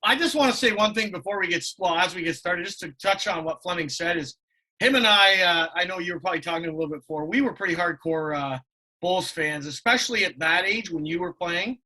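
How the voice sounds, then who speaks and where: A man's voice: sits high, a little fast, sharp tone, low-quality recording. A middle-aged man from Canada co-hosting a podcast, chatty and effusive, with lots of "you know" fillers. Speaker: podcast co-host. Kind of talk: casual chat.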